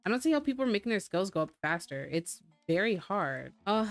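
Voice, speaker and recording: A woman's voice: medium pitch, very animated, a little fast, no echo, faint music behind. A woman giving casual let's-play commentary, chatty and rambling as she narrates her own moves in the game. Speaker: gamer.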